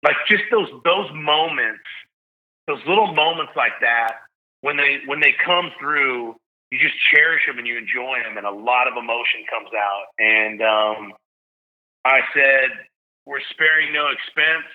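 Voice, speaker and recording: A man in his thirties, a podcast guest, telling an emotional story and getting loud as he relives the big moments. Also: mid-range voice, measured pace. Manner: animated, shouts when reliving big moments. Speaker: guest, stadium PA announcer. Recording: slightly dull lo-fi sound.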